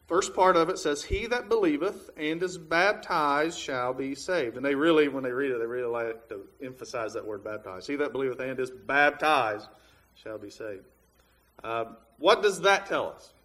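Bright-voiced man teaching a Bible lesson. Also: fairly high pitch, normal speed, few pauses. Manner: plain, reasoning step by step with many fillers. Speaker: preacher.

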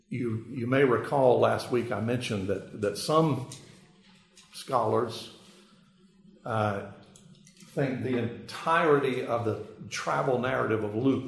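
A man teaching a verse-by-verse Bible lecture, halting, with frequent "uh" and repeated words. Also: medium pitch, gravelly, reverberant, rough recording.

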